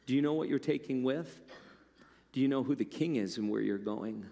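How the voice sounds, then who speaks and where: A man's voice: mid-range voice, moderate pace, gravelly, dark tone. Male pastor preaching in a reverberant hall. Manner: conversational storytelling preaching. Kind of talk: sermon. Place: church. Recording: long church-hall reverb.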